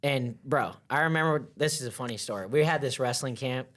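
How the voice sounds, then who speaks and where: A young man, a wrestling coach, telling stories in casual chat, animated and full of "like" fillers. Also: medium pitch, brisk. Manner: animated, acts out voices in his stories, heavy filler "like". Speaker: wrestling coach, podcast guest.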